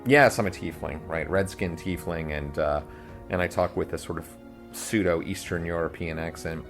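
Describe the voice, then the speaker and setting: A very low-voiced man co-hosts a tabletop gaming podcast, speaking at a moderate pace in casual, rambling chat full of fillers and restarts. Faint music plays underneath him.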